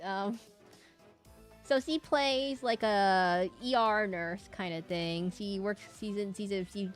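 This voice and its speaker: A woman's voice: mid-range voice, takes it slowly, faint music behind. A woman streamer chatting casually with her live audience, rambling with lots of fillers and restarts.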